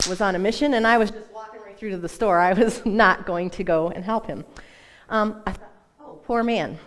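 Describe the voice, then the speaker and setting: Woman doing a church testimony, chatty and self-mocking, mid pitch, tells it like a story to friends. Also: clear, resonant tone. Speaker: church speaker. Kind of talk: personal testimony in a church talk.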